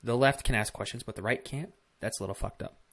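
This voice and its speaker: A man's voice: medium pitch, fast talker, gravelly, fairly bright tone. A man hosting a casual political commentary vlog, talking bluntly with swearing and rambling asides. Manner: blunt, profane, rambling with fillers.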